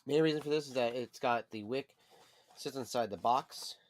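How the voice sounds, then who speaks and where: Relaxed rambling man hosting a stream. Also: medium pitch, moderate pace, slight background noise. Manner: rambling, filler-heavy, relaxed. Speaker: pipe smoking channel host. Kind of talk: casual livestream chat.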